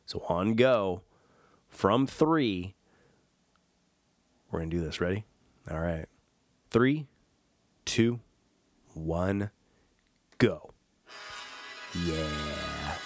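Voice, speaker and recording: A man's voice: deep voice, expressive, very slow, long pauses, husky, soft background music. A man hosting a podcast in a casual, rambling way, full of fillers and self-mocking jokes. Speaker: podcast host. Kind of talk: casual solo podcast chat.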